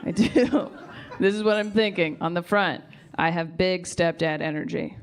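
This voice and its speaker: A man's voice: high-pitched, moderate pace, smooth. A man performing stand-up, chatting playfully with the audience. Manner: chatty, playful crowd work. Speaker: stand-up comedian. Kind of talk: stand-up set. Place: comedy club stage. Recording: live room with crowd laughter.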